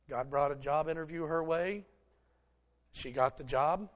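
Folksy pastor, a man with a slightly high voice. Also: fairly even intonation, measured pace. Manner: folksy, joking, speaks to the congregation directly. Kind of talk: conversational sermon.

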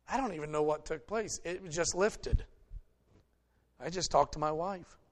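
A middle-aged man preaching a conversational sermon, folksy and joking as he talks straight to his congregation. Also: on the high side. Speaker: pastor.

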